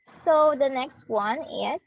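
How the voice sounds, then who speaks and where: A young woman from the Philippines with a Filipino accent, giving a demo class lesson as a student teacher, explaining slowly with pauses and fillers. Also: high-pitched, vocal fry, rough recording. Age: young adult. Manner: slow, hesitant, explaining to students.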